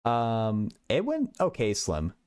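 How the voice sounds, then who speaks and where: A man's voice: medium pitch, wildly swooping pitch, slow pace, darkish tone, clean tone, no room sound, clean studio sound. A young man hosting a casual livestream, thinking aloud in a rambling way with many stammered restarts. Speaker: livestream host.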